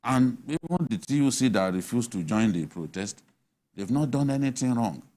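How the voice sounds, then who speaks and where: This medium-pitched man sounds expressive and dark-toned, speaking at a moderate pace. He's a Nigerian-accented guest on a TV panel, making his case emphatically with rhetorical questions amid an animated discussion.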